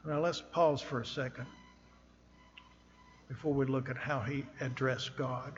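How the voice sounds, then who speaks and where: Slow, earnest male preacher in a reverberant church. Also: medium pitch, fairly even intonation, dull audio. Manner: earnest, slow and emphatic, rising on scripture. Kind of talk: sermon. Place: church sanctuary at a pulpit.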